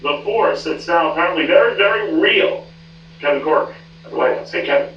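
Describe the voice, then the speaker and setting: A male news anchor introducing a live report in a brisk, wry manner. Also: on the high side, animated, recorded from a distance. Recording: echoey dull broadcast audio with hum.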